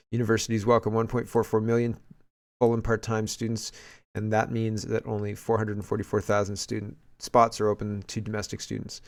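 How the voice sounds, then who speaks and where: A man from Canada hosting political commentary, reading posts aloud and reacting in a casual, conversational way with frequent restarts. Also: lowish voice.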